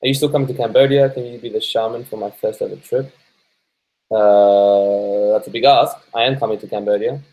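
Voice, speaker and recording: A stoned Australian man hosting a casual live stream. His voice sits a little low, and his talk is loose and unhurried. He swears freely and laughs as he reads out viewer comments. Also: steady tone, mellow, rough recording. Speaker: live-stream host reading viewer chat.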